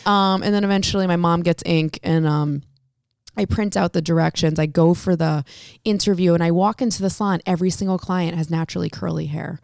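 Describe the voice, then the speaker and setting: Lively woman telling stories, acting out dialogue. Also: fairly low pitch, a little fast, vocal fry, no room sound, clean studio sound. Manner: lively storyteller who acts out quoted dialogue. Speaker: hairstylist and salon owner, guest. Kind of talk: casual storytelling interview.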